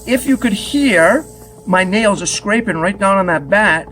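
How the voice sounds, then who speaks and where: A man's voice: high-pitched, expressive, a little slow, fairly bright tone. A man teaching pottery at the wheel in a studio, chatty and joking as he demonstrates step by step.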